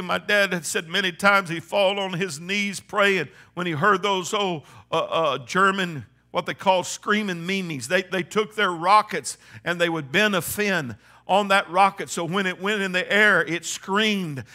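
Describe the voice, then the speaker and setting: An older man preaching a sermon, fervent, swinging from shouted peaks to hushed low passages and repeating phrases for emphasis. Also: measured pace, soft background music. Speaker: pastor.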